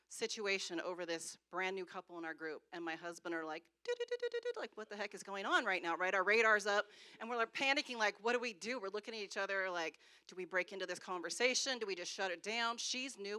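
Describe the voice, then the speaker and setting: A woman's voice: medium pitch, bright, forceful tone, clean tone. A woman leading a church training session, telling a personal story in a chatty way and often adding "like" and "right?". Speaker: church group leader trainer. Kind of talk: training talk with personal stories.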